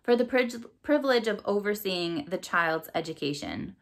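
A woman's voice: mid-range voice, lively intonation, normal speed, close to an everyday voice. A woman voicing a cold, impatient crow father who is a politician and speaks curtly and sneeringly. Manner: curt, sneering.

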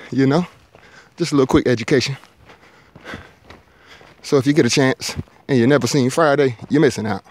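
A man's voice: mid-range voice, a little fast, long pauses, darkish tone. A man, vlogging casually as he hikes a forested mountain ridge, a little winded from the climb. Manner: laid-back, talkative, jokey. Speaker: thru-hiker vlogger. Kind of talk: casual hiking vlog.

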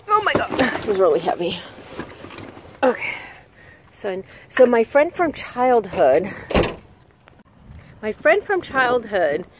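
A young woman chatting excitedly in a casual vlog, telling stories as she moves around her home and yard. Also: mid-range voice, background noise. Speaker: vlogger and makeup artist.

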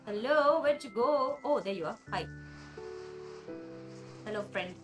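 A woman commentating her video game play, chatty and excitable, talking to the characters and swearing casually. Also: on the high side, a little slow. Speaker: gamer playing a video game. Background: soft game music.

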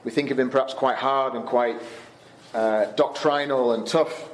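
At a camp in Canada, a man speaks to teenagers about the Bible in a relaxed, chatty way, full of fillers and restarts. His middle-pitched voice keeps a steady tone at a normal speed, and the room around him echoes.

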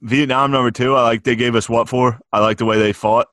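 A man's voice: mid-range voice, fairly even intonation, brisk, a bit bright, no room sound. A man guesting on a comedy podcast, talking in loose, laughing, swearing banter.

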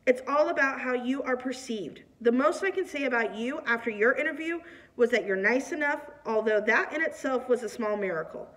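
A gruff, scornful middle-aged mentor speaks in a raised, pushy voice, as a woman puts him on while reading aloud. He sounds blunt and unimpressed, and the voice comes from a mic set back from the reader. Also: a little high, brisk, fairly bright tone, far from the mic, lightly acted.

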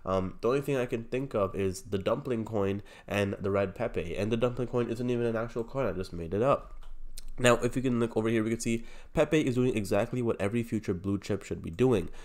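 A young man hosting his channel while sick with a cold, so his voice comes out stuffy and nasal. His pitch sits a bit low, and he rambles casually, padding his talk with "like" and "um". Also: brisk, a little mellow. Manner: rambling, loose, heavy on fillers like "like" and "um". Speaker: crypto channel host. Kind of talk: casual video commentary.

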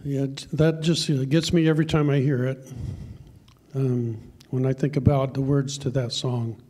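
A man's voice: medium pitch, flat delivery, normal speed. A man preaching in a church service, who speaks earnestly in plain asides. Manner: soft aside, apologizes for a slip. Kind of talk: church talk between song lines. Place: church sanctuary.

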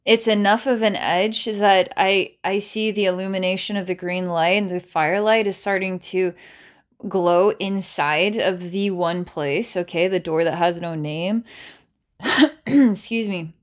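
A woman in the middle of a psychic reading, her voice at an ordinary middle pitch. She talks in looping, repetitive phrases with frequent restarts and bursts of laughter. She shifts between dramatic challenges and gentle coaxing. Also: unhurried. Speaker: psychic reader. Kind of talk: channelled psychic reading to camera.

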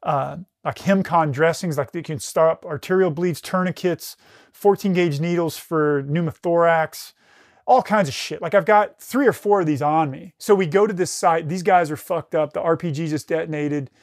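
A man's voice: a little high, normal speed, dry recording, clean studio sound. A middle-aged man, a retired military rescue specialist, tells a combat story in casual conversation, swearing heavily and restarting his sentences often. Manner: intense, heavy swearing, frequent restarts.

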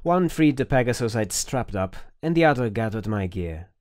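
A man's voice: mid-range voice, expressive, moderate pace, darkish tone, dry recording, clean studio sound. A man narrating an audiobook, reading tense, dramatic scenes.

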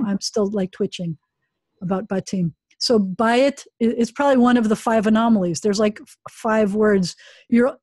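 A woman's voice: mid-range voice, darkish tone, dry recording. A woman rabbi teaching a Hebrew class over a video call, chatty and self-deprecating.

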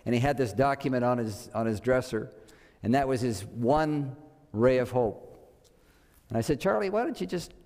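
Male preacher at mid pitch, casual sermon style with rhetorical questions, long hall reverb. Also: normal speed, long pauses, darkish tone. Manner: conversational, asks rhetorical questions. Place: church sanctuary.

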